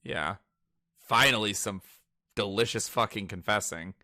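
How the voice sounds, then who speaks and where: A young man co-hosting a casual manga chat, profane and excitable, sometimes mimicking characters. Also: fairly low pitch, a little slow, no echo, clean studio sound. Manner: profane, excitable, breaks into mock character voices. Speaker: podcast co-host.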